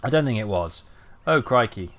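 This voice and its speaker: A man's voice: medium pitch, lively intonation, moderate pace, fairly bright tone, slight background noise. Chatty British man streaming a game. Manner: chatty, rambling, dry joking asides. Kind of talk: live gameplay commentary.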